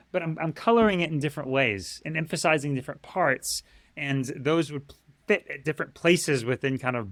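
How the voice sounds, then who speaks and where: A man's voice: on the high side, a bit bright, no echo. A man in his thirties, a Greek teacher, chatting casually and eagerly in an interview, with many fillers and bursts of speed. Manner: enthusiastic, talks fast in bursts with many fillers.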